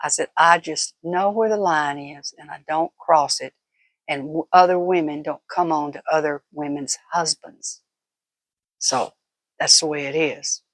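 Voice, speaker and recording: A woman's voice: sits low, unhurried, no echo. An older woman, telling stories casually in a vlog, folksy and laughing often. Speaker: vlogger.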